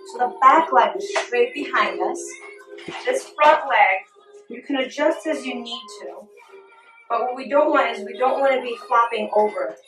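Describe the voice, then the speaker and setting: A woman leading a yoga class at home, giving gentle, encouraging cues. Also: fairly high pitch, normal speed, music in the background. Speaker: yoga instructor. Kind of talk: guided yoga class with a toddler. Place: home room. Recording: echoey room, mic at a distance.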